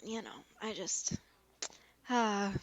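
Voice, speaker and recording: A woman's voice: mid-range voice, slow pace, no echo. A woman co-hosting a podcast in casual chat, chatty and gushing, laughing often. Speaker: podcast co-host.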